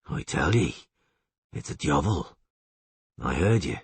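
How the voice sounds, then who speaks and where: Man reads elder, slow and earnest, husky. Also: very deep voice, big pitch swings, no room sound, voice pushed down, full character voice. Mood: plodding. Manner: slow, plodding, folksy speech. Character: rustic old male peasant elder, slow and earnest.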